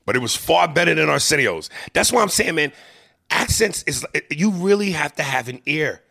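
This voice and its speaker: A man co-hosting a casual chat, talking animatedly and profanely and slipping into quick impressions. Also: on the high side, animated, creaky, pushed and bright, husky, no echo, clean studio sound. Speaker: podcast co-host. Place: hotel room.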